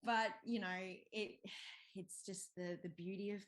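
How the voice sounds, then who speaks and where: A woman with a medium-pitched, steady voice speaks unhurriedly as a podcast guest in a candid interview. She's open and chatty, filling her talk with fillers and light laughter.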